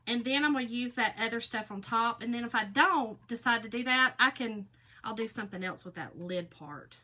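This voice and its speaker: Woman, craft livestream host, folksy chatter to viewers, crisp bright voice. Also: fairly high pitch, a little fast. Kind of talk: casual craft livestream chat.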